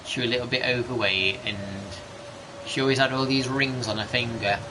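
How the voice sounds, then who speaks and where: A man's voice: mid-range voice, fairly even intonation, brisk. A man, rambling chattily through gameplay commentary with casual mild swearing. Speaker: gaming streamer. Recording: background noise.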